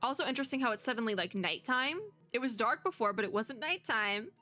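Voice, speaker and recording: A young woman VTuber playing a story game, chatty and giggly, reading the dialogue aloud between her own excited asides. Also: on the high side, fast, soft background music.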